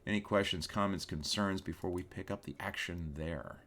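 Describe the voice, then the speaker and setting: A man narrating a tabletop game as game master, relaxed and unhurried with frequent fillers. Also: deep voice.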